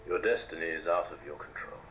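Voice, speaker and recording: An actor playing a calm, mysterious male mentor who speaks slowly and in measured pauses, in film dialogue. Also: rumbling low, soft background music, rough recording. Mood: cryptic. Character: cryptic calm male mentor revealing secrets.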